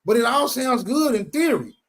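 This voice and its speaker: A man's voice: very high voice, animated, moderate pace, a bit bright. A man in a casual chat talking bluntly, with heavy slang and swearing.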